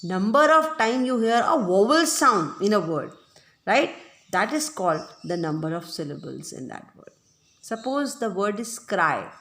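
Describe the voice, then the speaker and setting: A woman teacher explains grammar at a slow, deliberate pace, repeating each point and asking whether it is clear. Her pitch rises and falls in a lively way. The recording has a roomy echo. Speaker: English teacher. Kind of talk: grammar lesson. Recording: echoey room.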